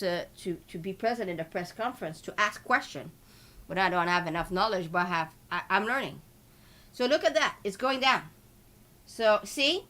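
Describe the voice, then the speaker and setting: A woman from Canada with a Quebec French accent, hosting a live market commentary in an excitable way and peppering her talk with filler tags. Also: medium pitch. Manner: excitable, switches between French and English, full of filler tags. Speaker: host.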